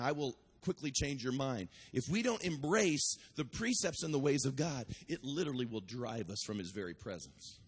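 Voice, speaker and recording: A man preaching a sermon as pastor, building to shouted cries and repeating phrases with restarts. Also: mid-range voice, breathy edge, long reverb tail.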